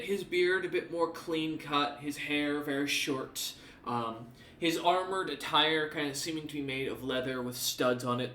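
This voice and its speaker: A man's voice: mid-range voice, a bit bright, reverberant, recorded from a distance, slight background noise. A man narrating a tabletop game as game master, rambling with many fillers.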